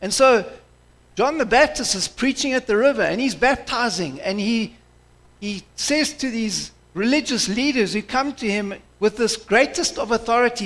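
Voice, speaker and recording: Pastor, male, high voice, fervent conversational sermon delivery. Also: lively intonation, normal speed, a bit bright. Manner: passionate, conversational preaching with restarts.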